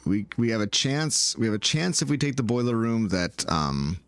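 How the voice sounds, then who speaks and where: A man thinking aloud and talking to his viewers in let's-play commentary, moving from calm planning to loud outcries. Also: on the low side, normal speed, smooth, no echo. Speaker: gaming video creator.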